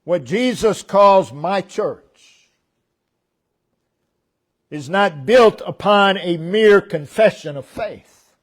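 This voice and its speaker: A man preaching a sermon as pastor. He speaks deliberately and stresses key words loudly, then drops his voice low at the ends of phrases. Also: lively intonation. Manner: emphatic, deliberate, with sharp swings between loud stresses and quiet drops. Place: church.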